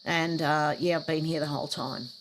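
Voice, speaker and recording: A woman's voice: low voice, steady tone, normal speed, poor audio. A woman hosting a casual live stream, reading out comments and cutting in with blunt, scornful remarks. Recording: clear background noise with crickets.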